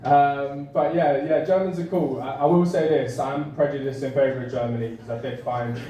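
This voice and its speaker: A young English man doing a stand-up set in a club, with a dry, self-deprecating, halting delivery full of fillers. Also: medium pitch, steady tone, warm tone, slight background noise. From England. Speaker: stand-up comedian. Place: comedy club bar with a live audience. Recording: roomy club sound from a distant mic. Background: audience laughter.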